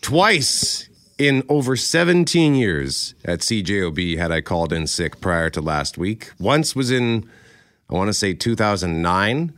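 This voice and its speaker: A man co-hosting a morning radio show, telling stories animatedly and still a little hoarse from a cold. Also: fairly low pitch, unhurried, no echo, studio quality. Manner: animated storytelling, acts out quoted voices. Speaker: radio co-host. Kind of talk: casual radio chat. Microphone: studio microphone.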